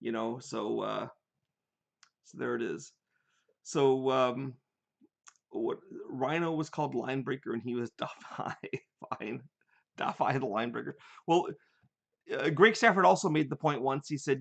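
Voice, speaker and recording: An older man hosting a casual live chat, telling animated stories from his gaming sessions. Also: mid-range voice, normal speed, vocal fry. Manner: animated storyteller, rambling with restarts.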